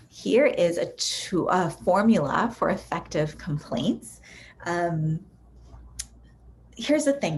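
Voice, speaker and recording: Low-voiced woman therapist teaching a workshop. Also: slight background noise. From Canada. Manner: conversational, frequent "right?" and "um". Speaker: relationship therapist. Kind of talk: recorded workshop presentation.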